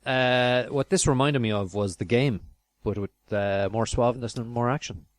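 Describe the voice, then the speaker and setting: A chatty man hosts a casual review show, filling gaps with ums and easy laughter. His voice sits at a middle pitch. The sound is dry and close. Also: normal speed, no echo. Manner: chatty, laughs often, trailing fillers. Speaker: podcast host. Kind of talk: casual chat.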